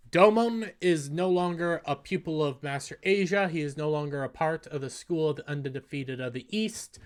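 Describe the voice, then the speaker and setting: A man's voice: fairly high pitch, moderate pace, few pauses. A man hosting an anime review, recapping an episode in a casual, earnest way and often restarting and repeating phrases.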